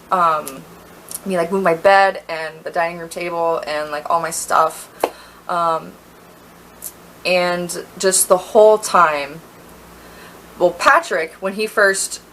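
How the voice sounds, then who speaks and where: A woman's voice: mid-range voice, pushed and bright, a little hiss or hum, rough recording. A young woman in a storytime vlog, ranting heatedly with lots of fillers and sounding a little tipsy.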